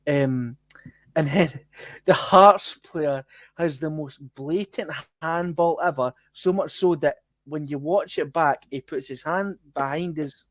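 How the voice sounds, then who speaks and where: A man's voice: fairly high pitch, takes it slowly, no echo. A Scottish man co-hosting a football fan podcast, swearing indignantly and laughing in disbelief. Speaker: podcast co-host. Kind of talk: heated fan podcast discussion.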